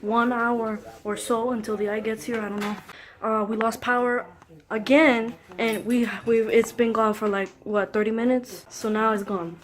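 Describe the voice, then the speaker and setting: A woman's voice: on the high side, level tone, normal speed, rough recording. A woman vlogging at home during a storm, anxious and jittery, laughing between frightened remarks. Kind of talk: casual home video vlog.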